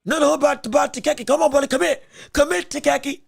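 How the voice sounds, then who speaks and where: A male podcast host giving live watch-along commentary on a fight, excitable and emphatic, shouting encouragement with a strained voice. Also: very high voice, quick pace, vocal fry, no echo, studio quality. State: straining his voice.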